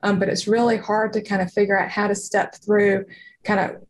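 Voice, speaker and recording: A woman's voice: mid-range voice, flat delivery, moderate pace. A woman with a non-native accent, a radiologist, explaining her work in an interview with an earnest manner and many fillers. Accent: non-native English. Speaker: guest, radiologist and company founder. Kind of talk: interview answers.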